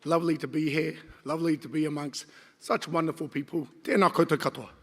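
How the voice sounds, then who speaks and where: A man's voice: on the high side, fairly even intonation, quick pace, fairly bright tone. A man with a New Zealand accent, leading a cultural performance group and announcing items to a live conference audience in a friendly, loose way. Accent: New Zealand English. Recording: reverberant hall, audience murmur.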